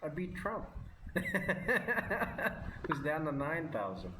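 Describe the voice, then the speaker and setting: A man's voice: a little high, very animated, very slow, bright, forceful tone. A man vlogging as he eats, chatting casually in a rambling way and chuckling often. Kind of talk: casual chat while eating on camera. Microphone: camera mic. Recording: roomy with background noise.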